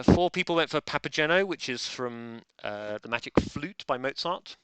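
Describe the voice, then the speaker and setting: A man's voice: medium pitch, bright, forceful tone, smooth, dry recording. A man hosting a live quiz in a casual, playful way, chatting and breaking off into joking asides. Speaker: quiz host.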